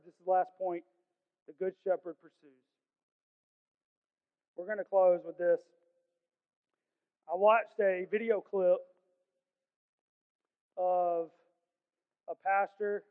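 A man's voice: high voice, clear, resonant tone. A male pastor preaching a sermon in an earnest, conversational way with casual slang, recorded in a large church sanctuary. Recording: tinny phone-like sound with long hall reverb.

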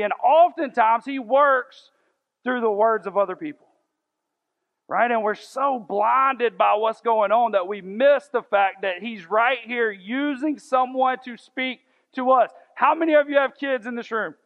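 A man's voice: very high voice, unhurried. A man in his thirties preaching a conversational sermon to a church congregation, asking the room rhetorical questions. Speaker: pastor. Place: church sanctuary. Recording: dull sound with long hall reverb.

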